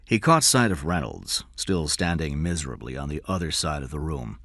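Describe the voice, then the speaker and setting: A man narrates a story aloud in a steady reading voice. His tone is bright and crisp, with pitch that moves widely, and the recording is close and completely dry. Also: moderate pace, few pauses, no room sound.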